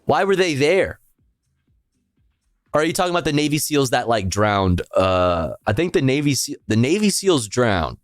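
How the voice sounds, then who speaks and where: A man's voice: mid-range voice, very animated, normal speed, no room sound, faint music behind. A man streaming live, reacting to a speech with sarcastic, profane, incredulous commentary and frequent laughter.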